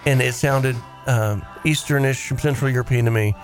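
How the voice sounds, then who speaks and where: A man hosting a weekend radio show, telling stories in a chatty, animated way and laughing easily. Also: medium pitch, normal speed, soft background music. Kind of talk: casual on-air storytelling.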